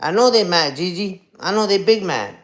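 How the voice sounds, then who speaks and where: A man's voice: sits high, animated, moderate pace, fairly bright tone. A man streaming live, ranting and taunting in a casual way and repeating "you heard?" over and over. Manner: taunting, repetitive, peppers lines with "you heard?".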